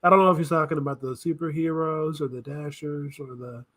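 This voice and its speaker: A man's voice: on the high side, fairly even intonation, brisk, a bit bright. A man hosting a casual reaction video, thinking aloud, rambling and correcting himself as he goes.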